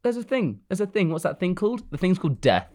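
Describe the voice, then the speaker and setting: Barbie is a sunny, naive doll girl, speaking softly in a light sing-song lilt, as a man puts her on. She is bright-eyed and simple in a playful podcast parody. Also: high voice, big pitch swings, fast talker, voice pushed up. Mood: breezy. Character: cheerful naive female doll. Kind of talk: mock retelling.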